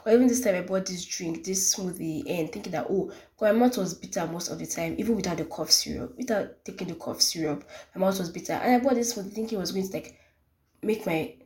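Young Nigerian woman, lowish voice, solo podcast host, rambling casual chat with lots of "like". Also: fast, darkish tone. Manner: rambling, repeats herself, many "like" fillers.

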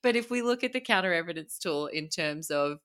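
An Australian woman with a notably low voice talks through ideas in a relaxed podcast conversation. She is a coach, chatty and easygoing, and she breaks into laughter often as she explains. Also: a little fast. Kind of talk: casual podcast chat.

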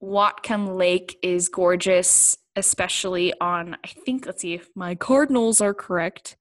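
A woman's voice: on the low side, fairly even intonation, a little slow, low-quality recording. A woman in casual chat, talking in a rambling way full of fillers and little laughs. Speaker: guest.

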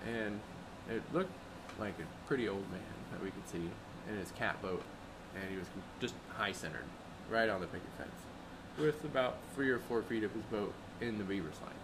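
A man's voice: fairly low pitch, moderate pace. A young man, a river rafting guide, telling stories in casual chat and acting out the people he quotes. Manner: animated, acts out quoted people with raised voice. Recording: noisy background hum.

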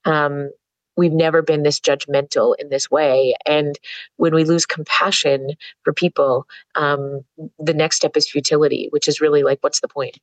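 A woman's voice: sits low, little pitch movement, moderate pace, no room sound, low-quality recording. A woman psychologist telling candid, earthy stories as a podcast guest, swearing freely. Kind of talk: storytelling in a podcast interview.

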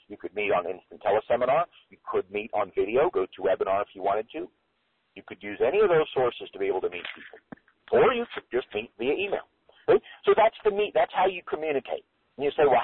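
A man giving an energetic, emphatic marketing coaching lecture that swings his pitch up and down for effect. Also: vocal fry, husky, dry recording. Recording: phone-line audio.

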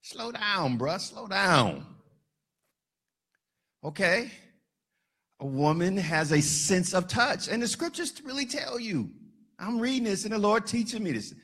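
High, bright-voiced preaching man. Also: a little slow, long pauses, slightly rough. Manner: animated, shouting for emphasis, joking with the congregation. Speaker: pastor. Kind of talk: sermon.

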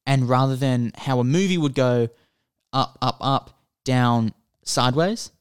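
Smooth-voiced man chatting about films. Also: medium pitch, measured pace, no room sound, clean studio sound. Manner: rambling, animated storytelling with filler words. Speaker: podcast co-host. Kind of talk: casual film chat.

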